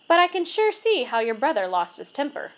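A woman reading a gentle old custodian. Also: high-pitched, big pitch swings, a little fast. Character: kindly older immigrant male school custodian. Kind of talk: storybook reading.

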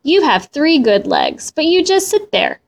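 A woman voicing a lazy young boy with a high, whiny boyish voice. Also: huge pitch swings, measured pace, gravelly, heavily acted.

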